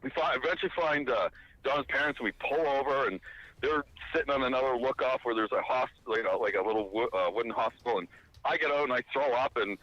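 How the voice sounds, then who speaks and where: A man telling a long casual anecdote, animated and rambling, full of fillers and restarts. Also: medium pitch, fast talker, highs cut off. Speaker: storyteller.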